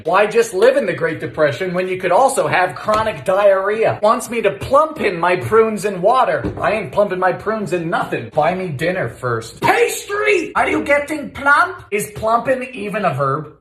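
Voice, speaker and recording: A man hosting a comedic cooking video, trading deadpan sarcastic one-liners and sudden shouted calls of ingredients in his home kitchen. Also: high voice, echoey room, a little hiss or hum. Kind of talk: comedic vintage-recipe cooking vlog.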